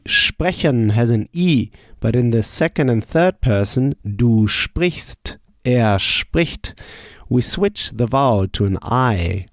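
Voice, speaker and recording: A man teaching German verbs, asking each question, pausing, then saying the answer slowly and clearly. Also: medium pitch, no echo, studio quality. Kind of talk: slow drill lesson.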